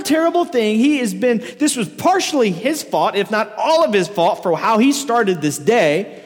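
A man preaching a casual, joking sermon to a crowd, telling a story with frequent laughs. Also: very high-pitched. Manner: joking, animated, laughs often. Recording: echoey hall reverb.

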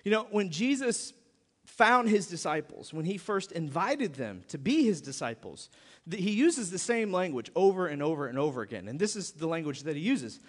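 Animated pastor with a high voice. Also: male voice, moderate pace. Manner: animated, acts out mock prayers. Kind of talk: sermon. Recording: long hall reverb.

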